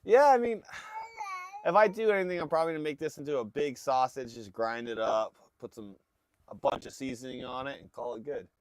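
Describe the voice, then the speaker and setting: A man's voice: medium pitch, brisk, a little mellow, dry recording. A man hosting a casual livestream from a fishing boat, telling a story and acting out his family's voices. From Alaska. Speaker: livestream host. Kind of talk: casual storytelling to live chat. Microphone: phone livestream.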